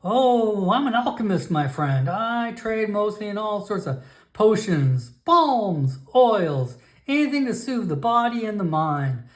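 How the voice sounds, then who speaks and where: Man doing a pushy potion merchant, higher-pitched and lively, slow wheedling pitch. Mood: coaxing. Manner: wheedling sales patter, calls everyone my friend. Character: pushy male merchant alchemist, chatty salesman.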